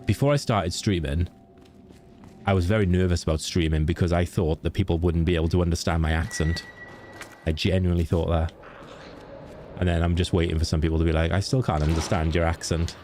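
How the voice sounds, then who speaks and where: Low-voiced Welsh man chatting casually. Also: little pitch movement, a little fast, long pauses, darkish tone, slight background noise. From Wales. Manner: chatty, joking, laughs easily. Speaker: game streamer. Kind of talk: casual chat with viewers while gaming.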